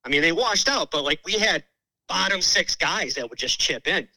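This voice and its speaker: A man with a thick Michigan accent calling into a podcast, talking fast and enthusiastically, swearing freely. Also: a little high, lively intonation, bright, forceful tone, low-quality recording. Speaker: caller. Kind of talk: casual phone-in chat.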